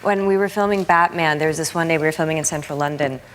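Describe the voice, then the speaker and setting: A woman's voice: deep voice, fast, a little hiss or hum. A woman in her forties telling funny stories as a talk show guest, laughing and doing the voices of the people in them. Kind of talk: anecdotes on talk shows.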